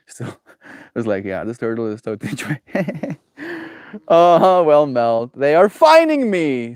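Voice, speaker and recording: A male livestream host runs his daily stream, chatting casually and reading viewer comments aloud. He's animated, jumping into higher voices to act out reactions. His voice is smooth, and the studio-quality recording has no echo.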